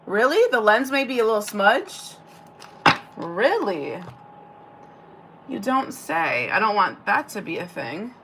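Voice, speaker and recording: A woman with a fairly high voice gives a relaxed, talkative tarot reading on a live stream. She swears without a second thought and breaks off to thank viewers in the chat. There is a faint hiss of noise behind her. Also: moderate pace, vocal fry, few pauses. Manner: chatty, swears freely, answers viewer comments aloud. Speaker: tarot reader.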